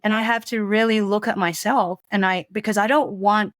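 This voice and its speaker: Candid woman guest, halting and reflective. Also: mid-range voice, fairly even intonation, no room sound. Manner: halting, many restarts and soft laughs. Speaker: podcast guest. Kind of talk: candid personal storytelling.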